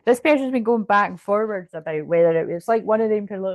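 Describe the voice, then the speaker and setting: A woman's voice: medium pitch, lively intonation, moderate pace, no room sound, muffled recording. A woman giving a casual tarot card reading, chatty and rambling, with restarts and swearing. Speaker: tarot reader.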